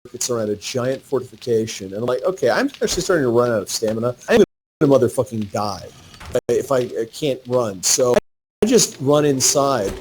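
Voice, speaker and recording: A man telling a story to his fellow players in casual gaming chat, animated and swearing freely. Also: mid-range voice, a little hiss or hum.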